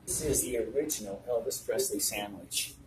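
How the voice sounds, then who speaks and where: A man's voice: on the low side, normal speed. Older man telling rambling stories. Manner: rambling, full of "uh" and "I mean". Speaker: restaurant owner. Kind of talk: anecdotal storytelling to an interviewer. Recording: noisy room ambience.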